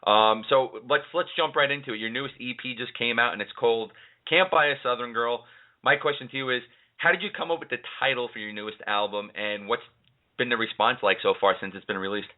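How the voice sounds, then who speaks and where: A male radio host, enthusiastic and a bit halting, introducing and questioning a guest. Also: medium pitch. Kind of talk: casual radio interview. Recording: lo-fi phone-like sound.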